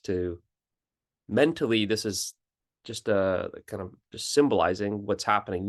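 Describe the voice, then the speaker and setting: A man as a spiritual teacher, calmly explaining in an unhurried contemplative talk, pausing and restarting phrases. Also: lowish voice.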